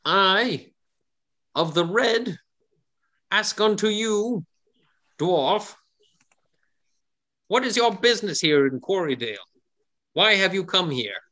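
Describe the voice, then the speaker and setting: A man voicing a small, stately male gnome councillor who speaks in a formal, archaic way with a tiny high voice. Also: animated, slow pace, pauses often, pushed and bright, full character voice.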